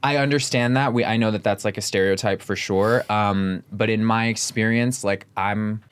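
Low, smooth-voiced chatty man. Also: steady tone, normal speed. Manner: chatty, fills with "like" constantly. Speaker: podcast guest. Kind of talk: casual conversation.

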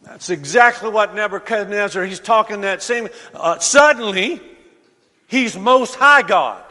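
High-voiced preacher man in a reverberant hall. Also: measured pace. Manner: animated, building to shouts, folksy asides. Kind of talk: sermon reading and expounding scripture.

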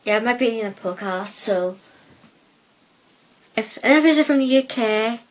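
A woman's voice: a little high, expressive, moderate pace. A woman from Northern Ireland with a mixed Belfast and Plymouth accent, hosting a casual solo podcast on a headset mic, rambling hesitantly with many fillers. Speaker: podcast host.

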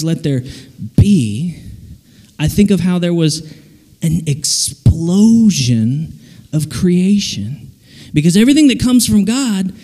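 A man giving a jokey, animated sermon to young people, acting out little voices as he goes. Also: high voice. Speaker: preacher. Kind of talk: lively sermon to a youth audience. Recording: long hall reverb.

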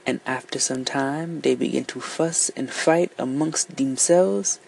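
Slow gravelly storyteller. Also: mid-range voice, darkish tone, slight background noise, rough recording. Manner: unhurried, lilting, voices each character. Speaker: storyteller reading aloud. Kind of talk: dialect folk-tale reading.

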